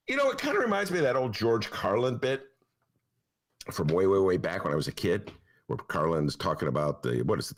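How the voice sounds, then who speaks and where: A man hosting a podcast as a newspaper columnist, delivering a casual comic monologue in a sarcastic tone and often jumping into high mock voices.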